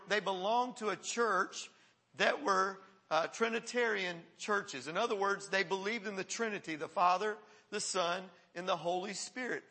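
A man preaching a sermon as pastor, reading historical quotations slowly and often restarting his sentences. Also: high-pitched, sharp tone.

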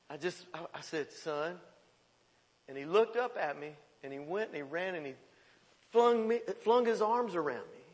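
A man preaching a sermon as pastor, telling a personal story in a conversational, animated way. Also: high-pitched. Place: church sanctuary. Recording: long hall reverb.

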